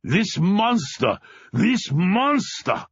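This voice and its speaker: A man's voice: sits high, very animated, very slow, husky, dry recording, dull audio, pitched above the performer's own voice, full character voice. A man voicing a heavy, enraged German father who sputters and accuses. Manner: sputtering, accusing, choking on words.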